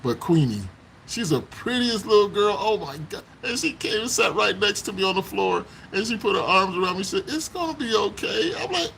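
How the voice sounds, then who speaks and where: A man with a high, gravelly, fairly bright voice chats with viewers on a phone live-stream from home, recounting childhood stories and laughing often. His intonation is lively and his pace fairly quick, while the rough recording has a little hiss or hum.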